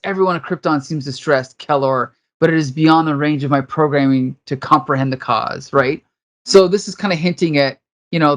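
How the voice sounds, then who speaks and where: A man's voice: fairly high pitch, fairly bright tone. A man co-hosting a podcast, casually retelling a comic book with lots of fillers, restarts and frequent laughs. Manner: rambling, laughs often, many fillers. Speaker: podcast co-host.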